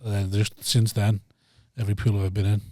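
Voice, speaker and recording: A man's voice: on the low side, little pitch movement, fairly quick, mellow, no echo, studio quality. A man, co-hosting a podcast and telling stories with lots of swearing and acted-out quotes. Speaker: podcast co-host. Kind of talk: casual chat.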